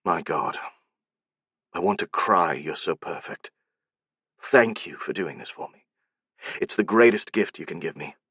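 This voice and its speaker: Man reading intense male film director, soft and hushed, low, dry close sound. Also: expressive, moderate pace, dry recording.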